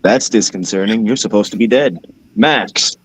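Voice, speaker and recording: A man playing in a tabletop game, relaxed and joking, swearing now and then. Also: on the low side, moderate pace, a little hiss or hum. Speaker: player. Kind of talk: casual tabletop game chat.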